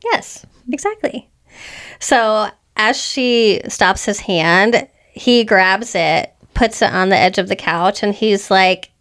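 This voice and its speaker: A woman co-hosting a podcast, retelling a book's scenes in quick, giggly casual chat. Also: medium pitch, a bit bright. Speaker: podcast co-host. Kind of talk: casual chat summarizing a book.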